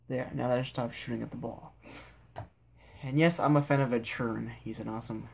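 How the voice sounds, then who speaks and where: A young man makes a gameplay video, giving goofy, rambling commentary on a sandbox game while talking to himself and the on-screen characters. His medium-pitched voice is creaky and husky.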